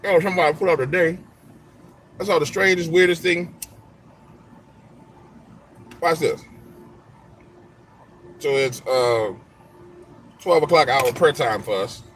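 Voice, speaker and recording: A man's voice: a little high, takes it slowly, long pauses, a little hiss or hum. A man in casual live-stream chat, trash-talking viewers and telling stories in loose slang.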